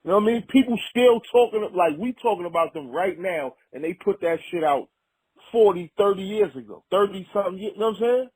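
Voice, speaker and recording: A man talks as a podcast guest in laid-back street slang, tagging his points with "you know what I'm saying." His voice sits fairly high for a man and has a breathy, husky edge. It is recorded close and dry, with no room sound. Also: animated, fairly quick, a little mellow, no echo, poor audio. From Harlem, New York. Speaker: rapper guest. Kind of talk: casual conversation.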